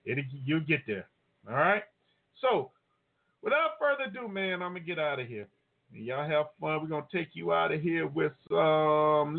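A male call-in show host wrapping up his episode in a relaxed, chatty way, laughing easily as he thanks his listeners. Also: a little high, creaky. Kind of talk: casual show sign-off. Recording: tinny phone-line audio.

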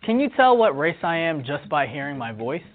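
A man's voice: fairly high pitch, sing-song, a little fast. A man narrating a scripted documentary segment in a wry, playful way. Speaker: video narrator. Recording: tinny lo-fi clip with faint music.

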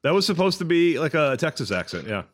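A man's voice: on the high side, very animated, quick pace. A man co-hosting a podcast, chatting casually about a film in a blunt, crude way and often restarting his words. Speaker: podcast co-host.

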